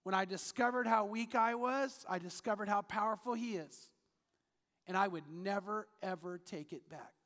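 A man's voice: high voice, normal speed, a bit bright. A man preaching a sermon as pastor, earnest and storytelling, reading scripture aloud in a church auditorium. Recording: long hall reverb.

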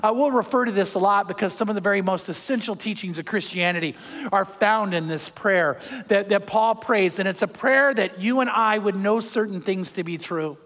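An older man preaching a sermon as a pastor, conversational and animated, chuckling as he goes. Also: sits high, normal speed. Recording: long hall reverb.

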